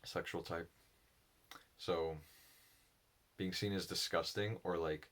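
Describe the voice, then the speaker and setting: Low, slow, reflective man. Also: steady tone, fairly bright tone. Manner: halting, thoughtful, with pauses and restarts. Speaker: solo speaker on personality psychology.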